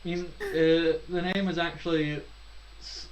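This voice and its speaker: A man's voice: on the high side, flat delivery, unhurried, background noise. Rambling man running a tabletop game. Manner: rambling, self-deprecating, swears casually. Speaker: game master. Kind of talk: narrating a tabletop game, casual chat.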